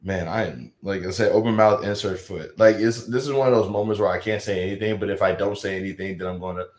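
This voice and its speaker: A live streamer reading chat speaks fast in a low, darkish voice, his room echoing around him. He chats casually, reads out viewers' comments and rambles through jokes at his own expense.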